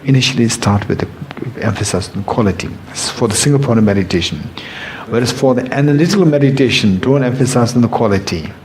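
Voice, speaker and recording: A man's voice: mid-range voice, lively intonation, quick pace, darkish tone, a little hiss or hum, rough recording. A man teaching meditation practice to a class, earnest and repeating his key points in plain, slightly non-native phrasing. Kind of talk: dharma teaching.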